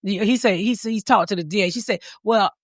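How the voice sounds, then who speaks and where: A woman podcast host telling a comedic story in a profane, animated way, laughing as she talks. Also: medium pitch, quick pace, dry recording, clean studio sound.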